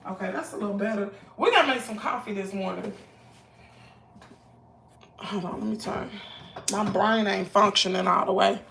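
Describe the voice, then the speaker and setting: A hoarse woman with a Southern US accent, chatting to viewers in her home kitchen on a phone livestream. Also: fairly high pitch, a bit bright, slight background noise. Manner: chatty, talks straight to viewers, says y'all a lot. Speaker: livestream host. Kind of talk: casual livestream chat while cooking.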